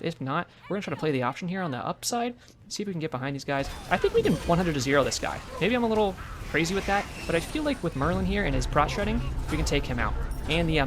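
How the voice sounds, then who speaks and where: A young man giving live commentary on his own ranked game, mixing calm strategy talk with excitable trash talk. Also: mid-range voice, slight background noise. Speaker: gaming streamer.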